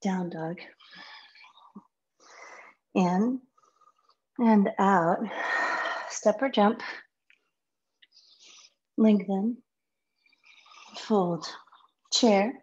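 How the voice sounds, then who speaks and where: A woman teaching a yoga class, giving short calm cues while she practices along, sometimes dropping to a whisper. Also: mid-range voice, extremely slow, long pauses, muffled recording. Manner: calm, sparse one-word cues, some soft whispered counts.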